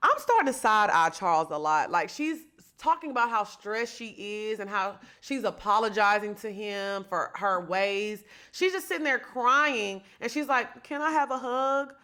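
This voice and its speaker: A woman's voice: medium pitch, expressive, normal speed, bright, forceful tone. A woman hosting her own podcast, giving chatty, sassy gossip commentary and talking straight to her listeners. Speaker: podcast host. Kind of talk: solo reality-TV gossip commentary.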